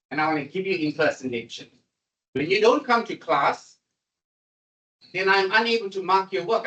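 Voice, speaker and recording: A man giving a classroom programming lecture, animated and repetitive as he coaxes his students along. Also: high voice, dull audio. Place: lecture room. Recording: voice distant from the mic.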